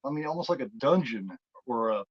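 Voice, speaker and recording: A man's voice: mid-range voice, expressive, brisk, no echo. A podcast co-host rambles through a film's plot in casual chat, stopping and restarting often. His mid-range voice comes through a muffled, lo-fi recording that sounds dry and close. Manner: rambling, full of fillers and restarts. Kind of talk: casual film retelling.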